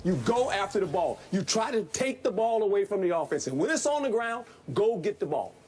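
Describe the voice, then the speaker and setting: A man's voice: high-pitched, big pitch swings, a little fast, a little mellow, husky, soft background music. A man who is a former football coach, giving plain-spoken, folksy analysis in a sports debate.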